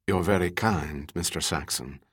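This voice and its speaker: A man's voice: low voice, unhurried, husky, dry recording, studio quality, voice pushed down, exaggerated voice. Man reading a poised gracious woman. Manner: soft, gracious.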